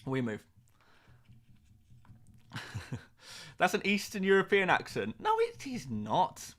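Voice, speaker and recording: A man's voice: sits high, wildly swooping pitch, slow pace, a bit bright. A young man chatting casually on a live stream, reading out viewer comments in a self-mocking, rambling way. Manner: chatty, self-mocking, repeats words and restarts. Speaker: fantasy football streamer.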